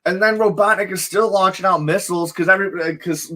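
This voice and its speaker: A man's voice: sits high, steady tone, fairly quick, bright, forceful tone, rough recording. A man co-hosting a podcast in casual chat, eagerly retelling scenes with many restarts. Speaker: podcast co-host.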